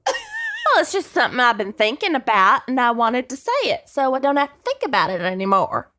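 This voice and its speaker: A woman's voice: high-pitched, wildly swooping pitch, brisk, bright, forceful tone, heavily acted. A woman voicing a flirtatious Texan church lady with a sweet, coy drawl in a comic cold read.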